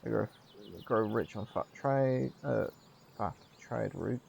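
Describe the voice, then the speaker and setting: Croaky-voiced male gaming streamer. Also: lowish voice, slow, a little mellow, a little hiss or hum. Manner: chatty, reads narration with small slips and restarts. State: slightly croaky. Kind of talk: casual let's-play commentary, reading game text aloud. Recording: dull lo-fi mic with faint music.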